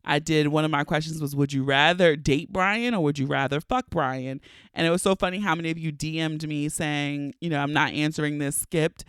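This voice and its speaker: Her voice is low, clear and resonant, fairly quick, with no echo. She's a woman in her thirties hosting her own podcast, talking close to the mic and slightly stuffy from allergies. The casual monologue is chatty, playful and animated, and she laughs often.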